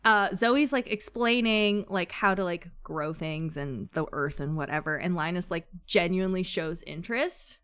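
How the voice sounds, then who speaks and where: A woman's voice: on the low side, moderate pace, hardly any pauses, fairly bright tone, clean tone. A woman chatting casually about a book with friends, gushing and swearing freely, with lots of fillers. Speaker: book club member. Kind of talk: casual chat.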